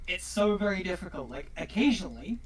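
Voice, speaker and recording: A man's voice: high voice, brisk, slight background noise. A man from England with an English accent, chatting casually and telling stories with plenty of swearing. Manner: swearing, animated storyteller. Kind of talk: casual chat.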